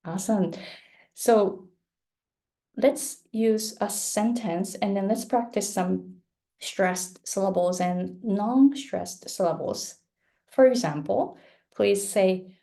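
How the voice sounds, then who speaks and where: A woman's voice: mid-range voice, mellow. A Japanese woman with a Japanese accent, a pronunciation coach patiently modeling words in a live lesson. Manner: slow, patient, models words for learners to repeat.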